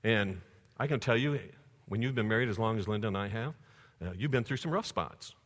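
A man preaching a sermon, lively and conversational, telling stories to his congregation. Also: fairly low pitch, a little fast. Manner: animated storytelling preacher. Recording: long church reverb.

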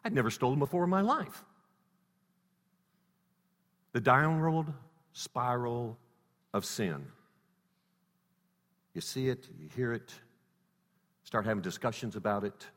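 A man preaching a sermon built around a personal story, swinging between loud emphasis and hushed lines. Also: medium pitch, lively intonation, unhurried, long pauses. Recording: reverberant hall.

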